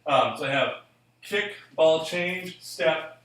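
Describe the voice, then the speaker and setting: A man's voice: on the high side, takes it slowly, fairly bright tone, distant mic. A man teaching a solo jazz dance class, counting beats and calling steps aloud while he demonstrates. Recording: echoey room, voice from off the mic.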